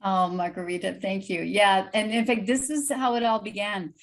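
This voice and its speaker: A woman guest telling a personal story in a lively, vivid way on a video call podcast. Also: mid-range voice, normal speed.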